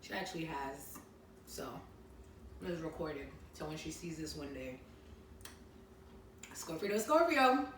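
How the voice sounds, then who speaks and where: A woman's voice: deep voice, big pitch swings, a little slow, pauses often. A young adult woman co-hosting a podcast in casual chat, sassy and teasing. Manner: sassy, teasing, talks while eating. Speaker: podcast co-host. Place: living room couch. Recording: echoey room, mic at a distance, faint noise.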